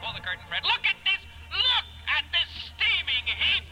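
A man's voice: very high-pitched, wildly swooping pitch, moderate pace, over music, exaggerated voice. A man playing a coaxing, preacher-like host who urges his friends to eat and give thanks, in a wheedling, sermonizing manner. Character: coaxing, high-voiced male preacher-host handing out food. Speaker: preacher-like food server.

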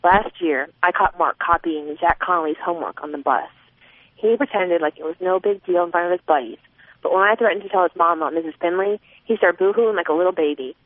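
This audiobook narrator, a woman with a lowish voice, moves a little quickly through a first-person novel. She expressively brings out a twelve-year-old girl's thoughts, over a dry, narrow, phone-like recording.

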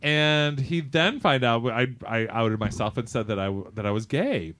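A man's voice: medium pitch, moderate pace. A young man from Michigan chatting casually, telling stories with lots of laughter. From Michigan, USA. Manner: animated, laughs often, storytelling. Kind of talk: casual chat.

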